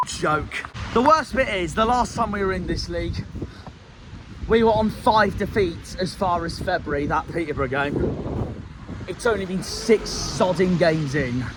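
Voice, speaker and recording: A young man with a West Country accent, ranting angrily and swearing after a football loss, recorded outdoors. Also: on the high side. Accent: West Country English. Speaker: football fan vlogger. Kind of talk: angry post-match rant. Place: outdoors in a city street. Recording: outdoor street noise, traffic.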